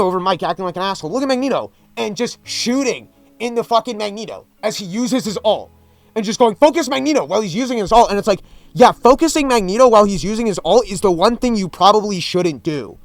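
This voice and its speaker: A man's voice: high-pitched, no echo. A man ranting about a video game in a vlog, profane, exasperated and repetitive. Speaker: gaming commentator.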